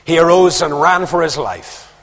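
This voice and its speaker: A man preaching a sermon, reading verses aloud and stopping for quiet, conversational comments. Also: a little high, expressive, moderate pace. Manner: reads verses aloud, then drops into quiet conversational asides. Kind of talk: sermon, reading scripture with asides. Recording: long reverb of a large hall.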